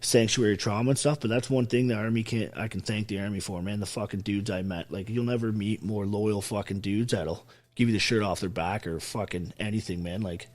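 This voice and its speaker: On the low side and darkish in tone, his voice keeps a fairly even intonation at a fairly quick clip. This Ontario veteran of the army recounts his story as a podcast guest, casually and bluntly, with emphatic, constant profanity.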